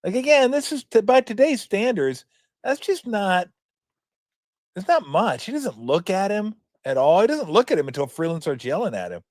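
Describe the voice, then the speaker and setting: A man's voice: high-pitched, very animated, normal speed, a little mellow, no room sound, clean studio sound. A man in his fifties hosting a sports talk show, commenting in a rambling, joking, profane way. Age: 50s.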